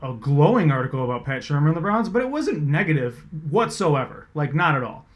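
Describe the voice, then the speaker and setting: A man, a sports reporter, casually telling an animated, swear-laced story about his job. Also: fairly high pitch, brisk. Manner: animated, conversational, swears freely.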